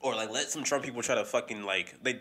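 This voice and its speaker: A man's voice: medium pitch, quick pace. A man co-hosting a podcast in casual, profane chat. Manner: animated, profane, mimics voices when quoting people. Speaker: podcast co-host.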